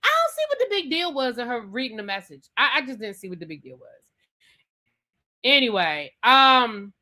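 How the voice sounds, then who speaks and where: Bright-voiced woman ranting casually. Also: a little high, very animated, moderate pace. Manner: chatty and sassy, repeats her points. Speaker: host reviewing a reality TV episode. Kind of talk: casual live rant reading viewer comments.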